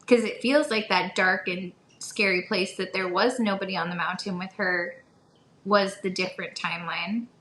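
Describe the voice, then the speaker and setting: Woman, podcast co-host, animated casual chat, mid pitch, echoey room sound. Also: a little hiss or hum. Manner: chatty and animated, quick to laugh. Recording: roomy echo.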